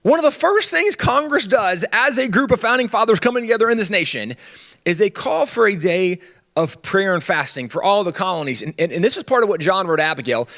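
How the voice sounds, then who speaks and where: Lively, high-voiced man giving a conference talk. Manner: humorous, conversational, with quick asides. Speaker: conference speaker on history. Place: conference stage.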